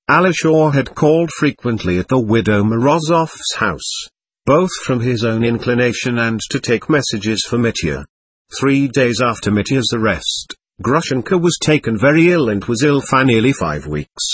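A man reads a classic novel aloud in a measured storytelling voice that rises and falls with a lot of expression. His tone is slightly husky, and the audiobook recording is dry and close, with no room sound. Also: medium pitch, dry recording. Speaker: audiobook narrator. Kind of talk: scripted narration.

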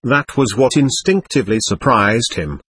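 In this scripted audiobook narration of a novel, a man tells the story in a measured, expressive way. The recording has no room sound, and his mid-range voice carries a slight roughness.

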